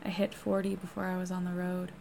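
A woman reading a first-person novel aloud in a hushed, steady narration that often drops to a whisper. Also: on the low side, fast talker, vocal fry, background noise. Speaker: audiobook reader.

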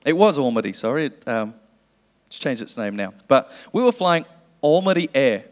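A male pastor preaching a sermon, praying and then telling a lively comic story with acted dialogue. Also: mid-range voice, normal speed. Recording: long hall reverb.

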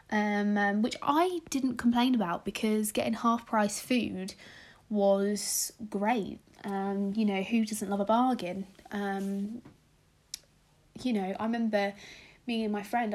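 A young British woman with a mid-range, somewhat mellow voice tells her own story. Her casual monologue rambles, and her asides drop almost to a whisper.

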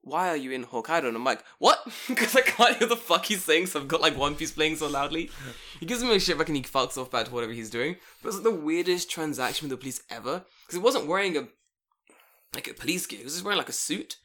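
A man telling a profane, animated story in casual chat among friends. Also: on the high side, quick pace. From foreigner living in Japan.

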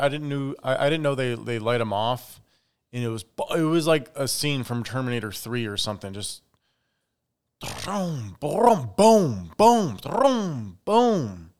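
Young male podcast host, casual solo talk, smooth clear voice, mid pitch, opinionated. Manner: chatty, opinionated, animated asides.

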